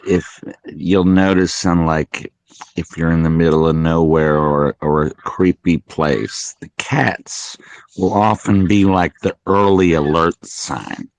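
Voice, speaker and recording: A deep-voiced man who talks slowly and with a gravelly edge, joining a casual talk show and calmly agreeing with what is said. The sound is dry and close. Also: dry recording, poor audio. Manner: deliberate, agreeable. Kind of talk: casual chat.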